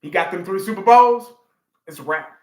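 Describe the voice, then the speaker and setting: A man's voice: high-pitched, animated, normal speed, echoey room. A man in his forties, a sports fan vlogger ranting through a live reaction, swearing freely and repeating himself for emphasis.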